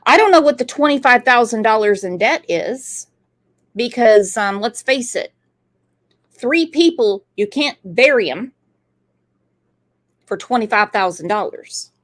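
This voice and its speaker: A woman's voice: on the high side, lively intonation, unhurried, long pauses, a bit bright. A woman hosting a true crime channel, talking through a case in a conversational, emphatic way and repeating points for stress. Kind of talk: casual true crime commentary.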